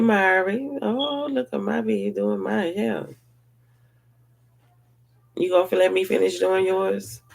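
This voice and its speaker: A woman's voice: fairly low pitch, creaky, darkish tone. A woman talking casually to her viewers at home, rambling and conversational, addressing them directly as she talks. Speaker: online talk host. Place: at home, having her hair done.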